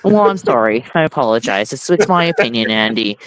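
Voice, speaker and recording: A man's voice: mid-range voice, very animated, a little fast, fairly bright tone, rough recording. A man in his forties ranting heatedly and with lots of swearing as a guest on a casual online panel chat. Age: 40s.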